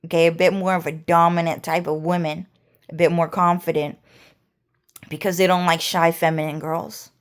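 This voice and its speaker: Smooth-voiced woman rambling to camera. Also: on the low side, flat delivery, moderate pace. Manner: rambling, repeats words and restarts phrases. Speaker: vlogger. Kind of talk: rambling monologue.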